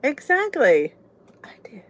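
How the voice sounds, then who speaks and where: A woman's voice: high-pitched, wildly swooping pitch, slow, a little hiss or hum. A middle-aged woman hosting a casual chat, candid and oversharing, laughing often as she talks. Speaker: vlog host.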